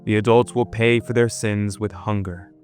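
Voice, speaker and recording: A man reading the lines of a weeping heavenly woman who gives warnings, in a slow, grave and solemn way. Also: on the low side, flat delivery, darkish tone, soft background music, natural voice. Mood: sorrowful.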